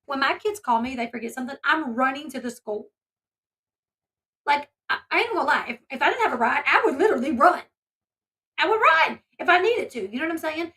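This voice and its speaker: A woman's voice: high voice, animated, a little fast, bright, forceful tone. A woman hosting a casual commentary video, talking in a rambling, emphatic way and often stopping to restart her thoughts. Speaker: commentary channel host; mother.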